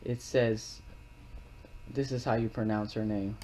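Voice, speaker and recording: Between readings of scripture, a channel host rambles earnestly in his living room with wooden walls, often repeating words as he explains. He speaks a little slowly in a low-leaning, warm voice with fairly even intonation, over slight background noise.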